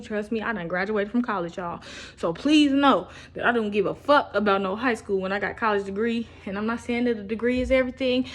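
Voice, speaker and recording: A young woman, talking in a rambling, profane monologue for a posted video. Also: medium pitch. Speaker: vlogger. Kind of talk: casual recorded video monologue.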